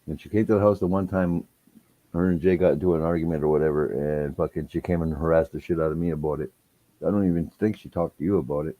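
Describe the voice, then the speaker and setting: A man's voice: extremely low pitch, steady tone, fast talker, narrow, tinny audio. A man chatting on a livestream, telling stories full of swearing and teasing with a laugh. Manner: profane, laughing, teasing storyteller. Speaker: guest on a livestream. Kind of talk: casual chat.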